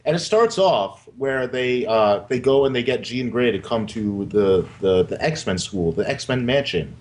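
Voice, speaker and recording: A man's voice: medium pitch, lively intonation, a little slow. A man co-hosting a casual comic news show, joking and swearing as he rambles. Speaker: podcast co-host.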